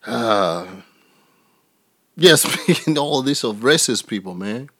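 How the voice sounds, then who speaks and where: A man's voice: medium pitch, a little slow, long pauses, a bit bright, no room sound, clean studio sound. A man from Africa, doing a crude, rambling stand-up comedy set and laughing at his own jokes.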